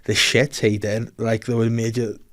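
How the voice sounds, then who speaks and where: A man's voice: mid-range voice, flat delivery, moderate pace, fairly bright tone. Man telling bawdy stories. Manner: bawdy storytelling, laughing often. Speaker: podcast host. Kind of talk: casual podcast chat.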